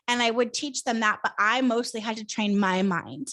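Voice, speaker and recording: A woman's voice: a little high, a little slow, bright, forceful tone, no room sound. A woman in her thirties hosting a live coaching talk, casual and encouraging, with many fillers. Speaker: host.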